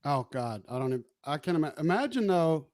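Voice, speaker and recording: A man's voice: fairly high pitch, big pitch swings, fairly quick, darkish tone, no echo. A man joining a podcast as a guest, trading crude jokes in casual chat. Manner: crude joking banter.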